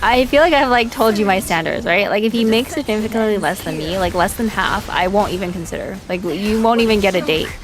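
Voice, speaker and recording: A woman VTuber from Canada talks frankly to her stream in casual chat, with a medium-pitched voice. She speaks bluntly, leaning on "like" and "right?" as she goes. Quiet music plays behind her. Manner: blunt, chatty, filler-heavy with frequent "like" and "right?". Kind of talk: casual livestream chat reading viewer comments.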